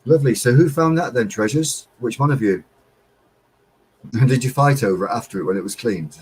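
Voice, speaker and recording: A man's voice: medium pitch, fairly quick, darkish tone, a little hiss or hum, low-quality recording. A man, co-hosting a casual live chat and laughing often. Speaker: livestream co-host.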